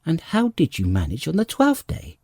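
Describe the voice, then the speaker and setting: Eager storybook girl, pitched high, as a man voices her, asking quick questions. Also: wildly swooping pitch, a little mellow, dry recording, studio quality, full character voice. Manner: eager, raised voice. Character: eager curious young girl.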